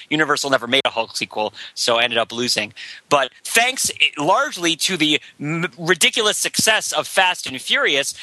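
Bright, laughing man chatting. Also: on the high side, no room sound, low-quality recording. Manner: enthusiastic, laughs often. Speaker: panelist. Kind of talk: casual podcast chat.

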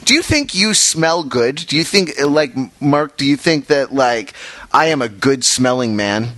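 A man's voice: medium pitch, lively intonation, moderate pace, sharp tone. A man co-hosting a casual chat show, rambling through anecdotes and tangents. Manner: rambling storyteller, chatty. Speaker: podcast co-host.

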